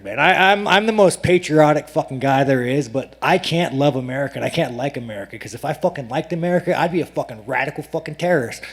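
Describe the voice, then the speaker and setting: A man rants at a press scrum, swearing constantly and lurching from low mumbling to sudden shouts. His voice sits a little high for a man. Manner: loud, profane, swings between mumbling and shouting. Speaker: fighter at media day. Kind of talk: profane rant at press scrum. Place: media scrum with crowd.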